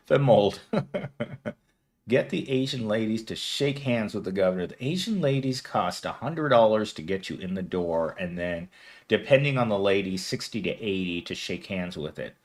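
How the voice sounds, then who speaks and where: Lively, giggly male live streamer. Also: lowish voice. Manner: rambling and giggly, talking to chat. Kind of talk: casual live-stream chat, reading viewer comments. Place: at home, streaming without camera.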